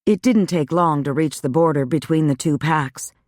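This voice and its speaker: A man narrating a dark romance audiobook in an even, measured storytelling voice. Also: on the high side, dry recording, studio quality. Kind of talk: scripted narration.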